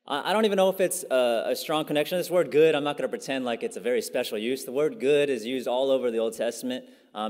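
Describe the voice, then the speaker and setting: A pastor giving a casual, conversational sermon, full of fillers and asides. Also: male voice, mid-range voice, darkish tone. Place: church sanctuary. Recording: long church hall reverb.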